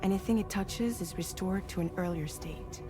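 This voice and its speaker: An actress voicing a composed woman in a game cutscene who explains a strange phenomenon in a measured, explanatory way. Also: mid-range voice, music in the background, close to an everyday voice. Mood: explaining. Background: game score.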